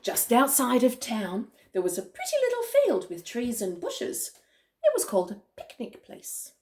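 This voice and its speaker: An older woman, a grandmother, reading a picture book aloud to a child in a playful, animated way. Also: fairly high pitch, moderate pace. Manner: animated, playful, with gasps and chuckles.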